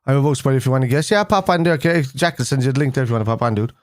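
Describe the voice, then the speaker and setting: A man's voice: medium pitch, lively intonation, rapid-fire, no room sound, studio quality. A young man hosting a casual fan live stream, chatting loosely with viewers and rambling through restarts and fillers. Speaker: fan show host.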